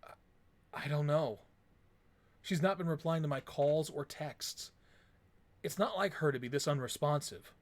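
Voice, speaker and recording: A man's voice: fairly high pitch, unhurried, long pauses, natural voice. A man voicing a polite, earnest middle-aged husband who pleads and worries. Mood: anxious.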